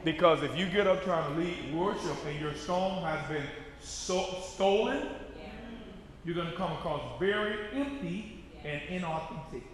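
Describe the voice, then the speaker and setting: A man preaching a sermon with call-and-response, repeating his lines for the congregation and rising to emphatic shouts. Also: fairly high pitch, measured pace. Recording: echoey hall, mic far off, audience.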